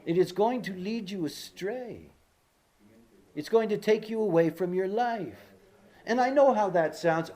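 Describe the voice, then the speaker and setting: A man's voice: a little high, expressive, unhurried, darkish tone. A man giving an informal lecture with personal stories. He rambles, uses many fillers and asides, and repeats key words for emphasis. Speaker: speaker giving a talk.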